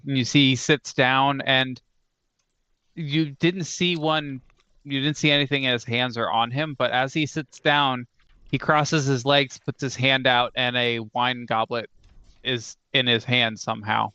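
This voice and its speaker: A man narrating a tabletop game as game master, describing actions in a relaxed way. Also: medium pitch, a little slow, clear, resonant tone, dry recording, dull audio.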